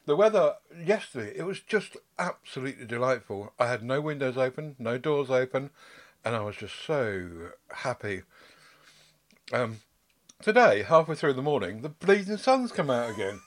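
A man's voice: medium pitch, very animated, moderate pace. A man hosting a podcast in casual chat, rambling and self-mocking. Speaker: podcast host.

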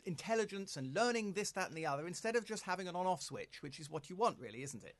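A man's voice: high voice, lively intonation, quick pace, no room sound. A man co-hosting a casual chat show, playful and wry in manner. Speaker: podcast co-host.

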